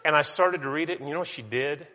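A man's voice: a little high, fast talker, sharp tone. A middle-aged male pastor giving a sermon in a conversational, storytelling way with self-mocking humor. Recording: reverberant hall.

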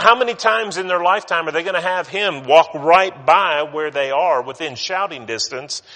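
A man's voice: mid-range voice, bright, forceful tone. A man preaching a sermon in a conversational way. He acts out the voices of people from scripture as he talks. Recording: reverberant hall.

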